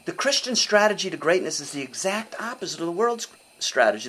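An older man preaching a sermon in an animated, conversational way, often asking his listeners questions. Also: sits high, brisk, slightly rough, rough recording.

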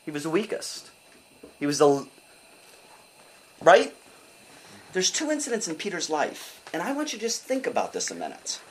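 A man's voice: fairly high pitch, slight background noise, low-quality recording. Older guy preaching, voice swoops up and down a lot, chatty and fired up. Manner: animated, conversational preaching with rhetorical questions. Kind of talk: sermon.

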